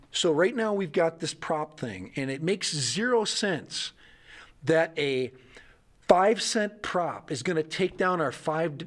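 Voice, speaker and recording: Rambling, jokey man on a livestream. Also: on the high side. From United States. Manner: rambling, jokey, reads viewer comments aloud. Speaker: livestream host. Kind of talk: casual livestream chat.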